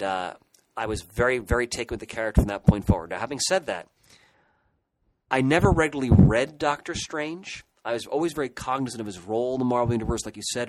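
Low-voiced middle-aged man reminiscing. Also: noisy background. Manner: nostalgic, rambling reminiscence. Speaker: podcast co-host. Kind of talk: casual chat.

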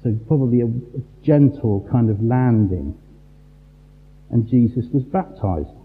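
Emphatic preacher in a big echoing hall. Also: male voice, mid-range voice, expressive. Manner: emphatic, rhetorical questions, dramatic pauses. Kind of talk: sermon. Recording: tinny phone-like sound in a large reverberant hall.

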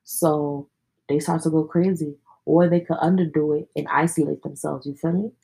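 A woman's voice: deep voice, steady tone, moderate pace, vocal fry, warm tone, husky, poor audio. A young adult woman hosting a podcast, telling personal stories in a slangy, candid, casual way with plenty of swearing. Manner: slangy, candid, sprinkled with profanity. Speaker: podcast host. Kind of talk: casual storytelling chat.

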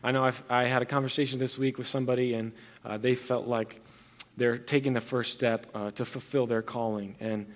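A man's voice: mid-range voice, little pitch movement, fairly quick. A young man preaching a sermon as pastor, earnest and conversational, with frequent restarts and fillers.

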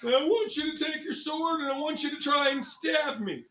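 A man voicing a blunt, teasing male combat teacher, loud and barking, in an echoey room. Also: very high voice, moderate pace, distant mic, voice pushed up. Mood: gruff. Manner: loud barking delivery, slips into a comedian-style shout. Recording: echoey room with faint noise.

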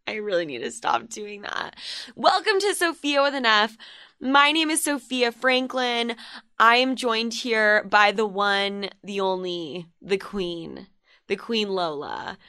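A young woman hosting a podcast, playful and quick, teasing her guest and swearing casually. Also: mid-range voice, expressive, sharp tone, clear, resonant tone, no echo, clean studio sound. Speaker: podcast host. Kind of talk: casual chat and ad read.

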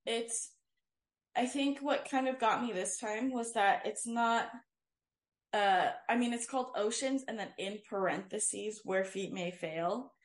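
A woman's voice: a little high, a little slow. A young woman co-hosting a casual faith podcast, telling a personal story in an earnest, rambling way full of "like" and "um". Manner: earnest, filler-heavy storytelling with frequent "like". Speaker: podcast co-host and worship leader. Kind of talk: casual chat, personal testimony.

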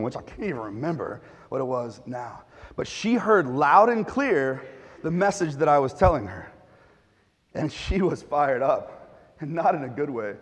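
A male pastor preaching a sermon, telling stories with lively sound effects and asides. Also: fairly high pitch, a little slow, breathy edge. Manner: animated storytelling with sound effects. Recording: echoey hall reverb.

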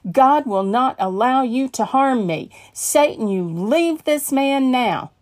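A woman's voice: fairly high pitch, expressive, normal speed, darkish tone, pitched above the performer's own voice, natural voice. A woman voicing a bold, fearless old woman preacher who proclaims and commands. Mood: commanding.

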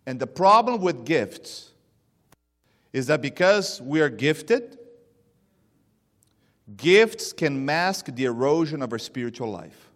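A man preaching a sermon, swinging between loud emphatic bursts and hushed, low lines. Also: expressive, takes it slowly. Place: church sanctuary. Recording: long reverb of a church hall.

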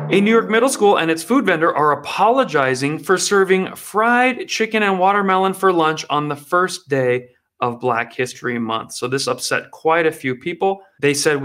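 A man with a fairly high speaking voice hosts his own commentary show. He reacts to news stories with sarcasm and emphasis. He speaks directly to the people watching. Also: a bit bright.

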